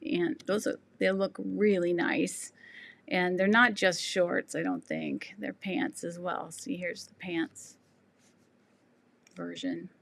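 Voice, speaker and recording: Her voice sits fairly low, with lively intonation, vocal fry and a slow delivery. This woman in her sixties runs a relaxed sewing livestream and is losing her voice, wandering through viewer comments full of ums and restarts.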